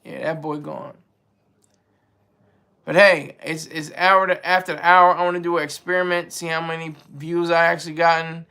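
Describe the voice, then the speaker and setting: Gravelly, bright-voiced male streamer. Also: a little high, level tone, brisk, few pauses. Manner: rambling, joking, reads chat aloud. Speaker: livestream host. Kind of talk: casual livestream commentary.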